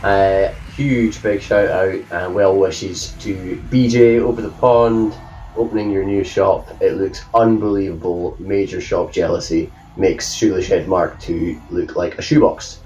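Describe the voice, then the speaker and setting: A man's voice: low-pitched, steady tone, measured pace, dark tone, far from the mic, muffled recording. A Scottish man giving an enthusiastic greeting and points. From Scotland.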